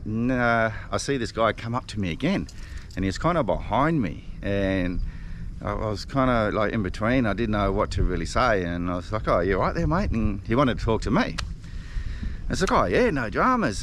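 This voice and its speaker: A man's voice: on the low side, normal speed, fairly bright tone, slight background noise. An Australian man vlogging from his fishing boat, telling a rambling, self-deprecating story with frequent laughs. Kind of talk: casual storytelling to camera. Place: outdoors on a river boat.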